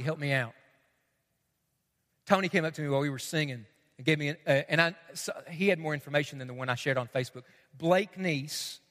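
High, bright-voiced preaching man. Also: long reverb tail. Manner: emphatic, repeats questions for effect. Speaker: pastor. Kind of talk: sermon.

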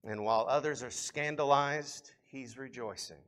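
A man preaching a sermon to a congregation, swinging between loud appeals and quiet reflection. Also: medium pitch, normal speed. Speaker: pastor.

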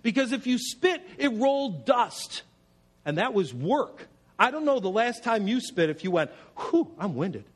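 A man preaching a sermon as pastor, animated and humorous, telling stories and asking rhetorical questions. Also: very high voice, normal speed.

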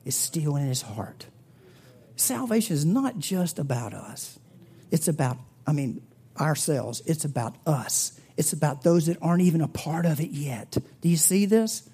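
Guy preaching a sermon, tells stories, gets loud and high then drops to a whisper. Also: big pitch swings, unhurried. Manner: storytelling with big swings in pitch and loudness; drops to a breathy whisper at tender points. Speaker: pastor.

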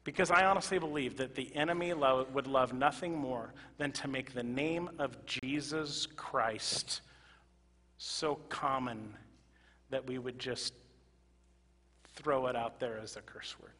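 A male pastor preaching a sermon to his congregation, moving from loud emphatic exclamations to quiet, earnest asides. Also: mid-range voice, unhurried. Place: church sanctuary. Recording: reverberant church hall.

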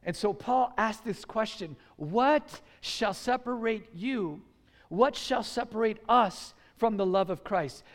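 A man from the United States preaching a sermon to a congregation, animated and urging them to call back responses. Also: high-pitched, big-room sound. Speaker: pastor. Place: church sanctuary.

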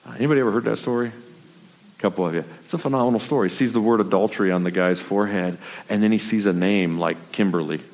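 A pastor with a lowish, slightly mellow voice talks fast, delivering a sermon in a loose, conversational storytelling style and sometimes repeating his words. The recording carries the long reverb of a large hall.

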